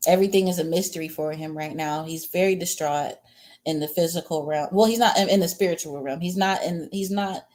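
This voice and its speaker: A woman with a slightly low voice runs a loose, chatty tarot reading for a live audience. She rambles from card to card, greets viewers by name, answers their comments, and speaks bluntly, with the odd crude word and a chuckle. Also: a little fast, darkish tone. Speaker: tarot reader. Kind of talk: casual livestream tarot reading.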